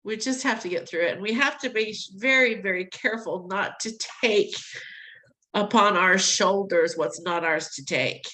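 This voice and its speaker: A woman's voice: medium pitch, moderate pace, sharp tone, low-quality recording. A middle-aged woman telling a personal story in an interview, acting out the voices she quotes and laughing between lines. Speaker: interview guest.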